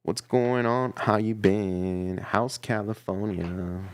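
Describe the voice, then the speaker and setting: A man giving a casual, playful tarot reading to his viewers, chatty and quick to laugh. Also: on the low side, steady tone, background noise. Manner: chatty and playful, laughs often, repeats himself. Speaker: tarot reader.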